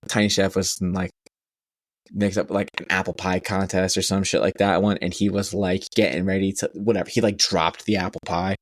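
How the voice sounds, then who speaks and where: A man's voice: a little fast, dry recording. Rambling, cussing podcast guy. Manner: profane, rambling storyteller who bursts into high-pitched voices. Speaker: podcast co-host. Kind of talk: casual chat.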